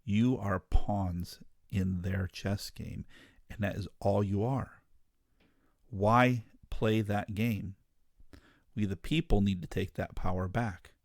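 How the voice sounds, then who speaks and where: A man's voice: lowish voice, fairly even intonation, takes it slowly, dry recording, clean studio sound. A man hosting a ministry talk show, giving an earnest, emphatic monologue straight to his listeners. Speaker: ministry podcast host. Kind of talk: impassioned monologue.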